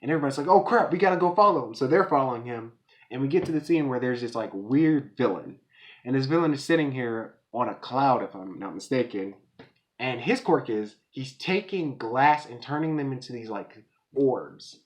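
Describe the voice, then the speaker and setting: A man reviews an episode in a loose, excitable way. He talks in slang and keeps jumping into quick voices for the characters. His voice sits at an ordinary middle pitch for a man. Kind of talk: casual video review.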